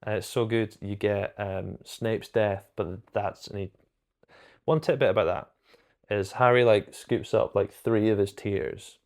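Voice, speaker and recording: Gravelly low-voiced man rambling. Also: darkish tone. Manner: rambling, enthusiastic, self-correcting. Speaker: film reviewer. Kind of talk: casual chat to camera.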